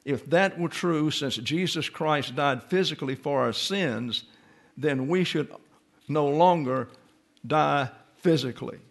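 A man delivering a Bible lesson in a methodical teaching voice. He reads passages aloud and works through them point by point. His voice is gravelly, with a fry to it and a slightly raised pitch. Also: slow pace. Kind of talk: sermon-style Bible lesson.

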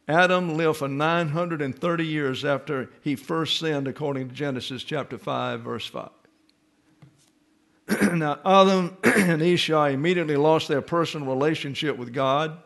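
A man delivering a Bible lesson in a methodical teaching voice. He reads passages aloud and works through them point by point. His voice is gravelly, with a fry to it and a slightly raised pitch. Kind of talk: sermon-style Bible lesson.

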